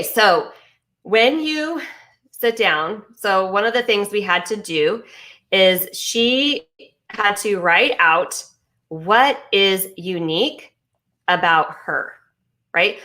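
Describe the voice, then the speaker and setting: A woman's voice: medium pitch, expressive, takes it slowly, sharp tone. A woman speaking as a business coach, giving an emphatic motivational talk with repeated phrases, restarts and fillers. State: talking with ice in her mouth briefly.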